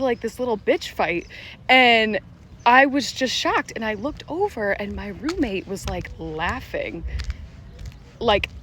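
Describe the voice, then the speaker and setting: A woman TikTok creator in a casual vlog monologue, talking fast and emphatically, swearing often and leaning on "literally" and "like.". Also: on the high side, a bit bright, slight background noise. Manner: fast, profane, emphatic, heavy use of "literally" and "like".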